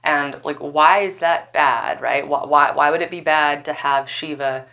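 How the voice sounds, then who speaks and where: A woman casually retelling a myth in a chatty, animated way, full of "like" and "right?" asides. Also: sits low, unhurried. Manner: animated, swears, many "like" and "right?" asides, laughs often. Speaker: spiritual storyteller.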